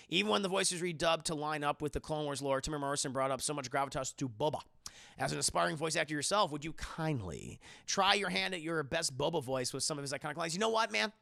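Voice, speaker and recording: Animated, gravelly-voiced man streamer chatting. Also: a little high, no room sound, clean studio sound. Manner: rambling, fast and animated, swears and laughs often. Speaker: livestream host. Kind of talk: casual chat answering viewer questions.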